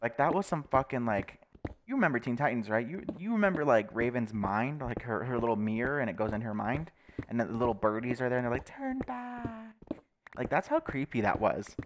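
A man's voice: medium pitch, expressive, quick pace, a little hiss or hum. Young male gamer, anxious play-by-play, muffled lo-fi mic. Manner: jittery, exclaims and laughs nervously. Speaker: gaming YouTuber. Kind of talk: Let's Play commentary.

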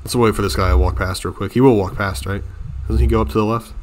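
A man streaming a horror game, chatting casually with his viewers, swinging from mumbled muttering to loud outbursts and swearing often. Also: on the low side, fairly even intonation, fast, slight background noise. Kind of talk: casual live gameplay commentary. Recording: loud game music behind the voice.

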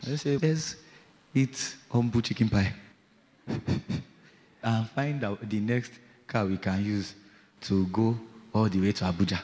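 Male pastor, sermon, emphatic preaching, loud declarations and hushed stories, long hall reverb. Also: on the low side.

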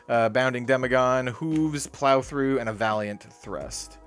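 A young man chats his way through opening card packs, rambling and easily excited. He sounds worked up and sweaty, recorded in a small warm room. Faint music plays behind his ordinary mid-pitched voice. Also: a little slow. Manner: excitable, rambling, lots of "dude" and "like". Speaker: card-opening video host. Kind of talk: casual case-opening commentary.

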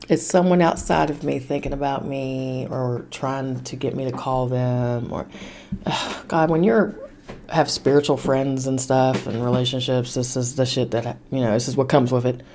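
A woman with a low, mellow voice hosts a casual spiritual self-help podcast. She talks bluntly and emphatically, swears without hesitation and drives her advice home by repeating it. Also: fairly even intonation, measured pace, a little hiss or hum. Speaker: podcast host.

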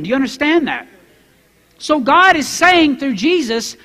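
Bright-voiced preacher in a reverberant hall. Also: male voice, very high-pitched, very animated, moderate pace. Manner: acts out Bible characters in quoted voices, rising to loud emphatic preaching. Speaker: pastor. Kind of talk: sermon. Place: church sanctuary.

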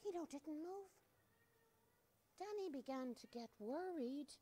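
A woman's voice: sits high, slow, long pauses. A woman reading a story aloud to children in a library, asking them to join in. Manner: animated, asks children to join in. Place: library room.

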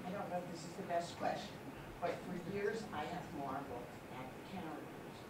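A woman's voice: on the low side, brisk, recorded from a distance, very noisy. A woman in the audience asks a hesitant question at a live Q&A in a cinema hall. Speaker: audience member asking a question.

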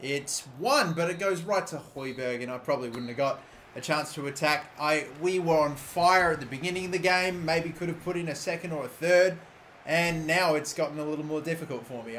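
A young man talks over his own football video game, his voice a touch high. He swings from chatty play-by-play to shouting and cursing when the match goes wrong. A faint steady noise sits under the recording. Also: brisk. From Australia. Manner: excitable, swears, shouts at the game. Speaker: gaming YouTuber. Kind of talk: live gameplay commentary.

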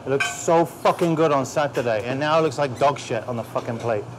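A head chef's medium-pitched voice comes through briskly over background noise. He's intense and profane, barking orders in a restaurant kitchen during a documentary that combines interviews and shouting on the line.

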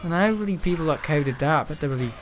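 With a faint hiss or hum in the audio, a young man gives rambling let's-play commentary in an expressive, high-leaning voice at a quick pace. He's chatty and meandering, swearing casually and often restarting sentences.

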